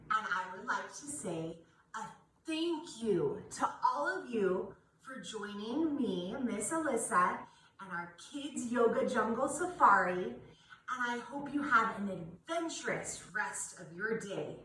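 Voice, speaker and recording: Bright, playful kids' yoga teacher woman. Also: mid-range voice, heavy reverb, recorded from a distance, a little hiss or hum, poor audio. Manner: playful and encouraging, laughs often. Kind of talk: guided children's yoga class.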